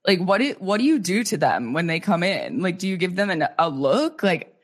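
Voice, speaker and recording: A woman's voice: lowish voice, sing-song, normal speed. A young woman interviewing guests on a podcast, asking teasing, playful questions. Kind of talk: casual interview chat.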